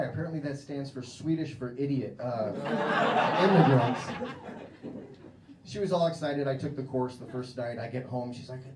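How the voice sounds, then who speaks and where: A man's voice: medium pitch, normal speed. An American man doing a crude, mocking stand-up comedy set on a club stage, acting out voices. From United States. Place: comedy club stage before a live audience. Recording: roomy club with loud crowd noise.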